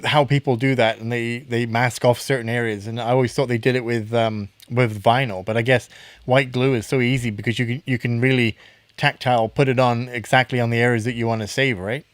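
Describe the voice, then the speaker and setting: A man's voice: medium pitch, steady tone, a little fast, no echo. A man hosting a podcast in a casual chat, rambling a little and correcting himself as he goes. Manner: chatty, self-correcting, rambling. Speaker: podcast host.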